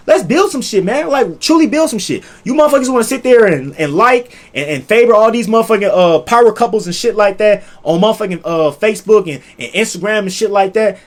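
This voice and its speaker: A man's voice: sits high, animated, quick pace, few pauses. A young man, giving profane, preachy relationship advice in a casual monologue that keeps circling back to the same points. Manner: profane, preachy, repetitive, rises loud when making a point. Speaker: relationship vlogger.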